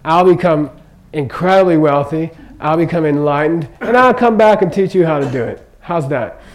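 An older man leads an informal Buddhist teaching, his voice sitting a little high for a man. He talks loosely and with humor, drifting into asides and repeatedly checking in with the room. The delivery is conversational rather than preached. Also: normal speed, poor audio. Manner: chatty, joking, checks in with "okay?" constantly.

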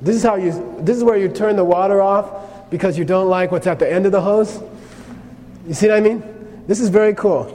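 A man's voice: high-pitched, a little fast, warm tone. A man giving a lecture on Buddhist teaching, speaking conversationally and often checking in with "okay?". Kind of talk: lecture on karma. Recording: long reverb, faint noise.

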